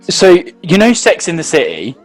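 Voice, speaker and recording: A man's voice: high-pitched, wildly swooping pitch, moderate pace, soft background music. A man co-hosting a casual chat, talking animatedly, laughing often and leaning on "like" as a filler. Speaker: co-host.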